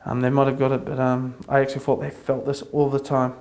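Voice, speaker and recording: A man with a New Zealand accent giving an earnest personal testimony, repeating phrases as he builds up excitement. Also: mid-range voice, fast. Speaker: convert sharing his testimony.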